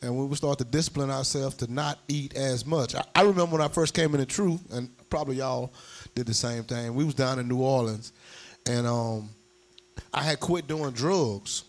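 A man from the congregation speaks about his own life in a halting, conversational way. His voice sits at an ordinary pitch. Nothing about it is put on. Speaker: congregation member sharing testimony. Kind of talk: personal testimony.

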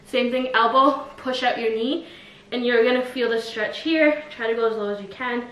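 Woman vlogger, slightly high voice, casual and breathless, roomy echo. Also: fairly even intonation, moderate pace, fairly bright tone. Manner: chatty, lots of filler "like". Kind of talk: casual demonstration. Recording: echoey room, faint noise.

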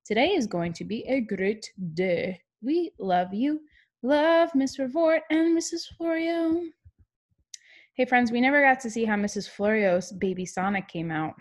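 A young woman teaching children over a video call from home, upbeat and encouraging. She talks slowly and deliberately, as if to small children. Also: mid-range voice. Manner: cheerful and encouraging, sings along. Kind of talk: online class for young children.

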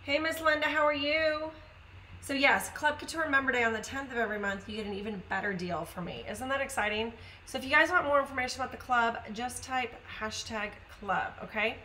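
Live-sale host, woman, bright and higher-pitched, chatty with viewers, faint hiss underneath. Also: a little fast, distant mic, low-quality recording. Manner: chatty, greets viewers by name, upbeat pitch. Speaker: live-stream craft seller. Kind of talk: casual live sales chat. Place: home.

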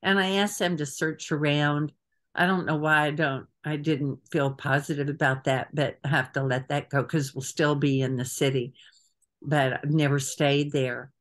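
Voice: medium pitch, fairly even intonation, normal speed, a bit bright. Chatty trip organizer on a video call. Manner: chatty, hesitant with frequent fillers. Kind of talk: casual meeting briefing.

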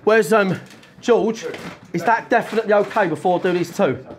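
A man's voice: high voice, moderate pace. A man gives a blunt half-time team talk, swearing freely and pressing his players with urgency. He talks as a football manager in a dressing room.

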